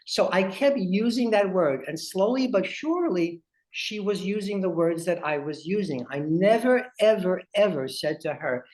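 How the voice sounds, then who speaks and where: Talking directly to his viewers, a family advocate leads a webinar and animates it with vivid stories. He speaks in a high voice at a moderate speed.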